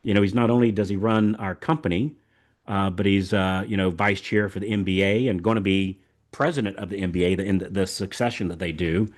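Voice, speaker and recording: A man's voice: low voice, steady tone, brisk. An older man from the American South hosting a podcast, talking in a casual, rambling, folksy way and often repeating words as he goes. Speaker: podcast host. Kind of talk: casual chat.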